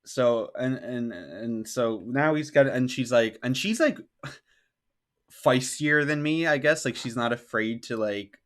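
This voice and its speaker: A man's voice: mid-range voice, a little slow, a bit bright. A man spins a long anecdote on a podcast in a loose, chatty way, with "like" scattered through his sentences. His voice sits in a middle register. He slips into the voices of the people in his story as he goes. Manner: rambling, heavy use of "like", acts out quotes. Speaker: podcast host. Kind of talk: casual storytelling.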